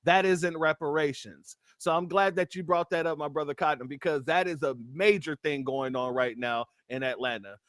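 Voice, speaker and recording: A man's voice: fairly high pitch, moderate pace, hardly any pauses, fairly bright tone, no room sound, studio quality. A man in a livestream discussion, making his points earnestly.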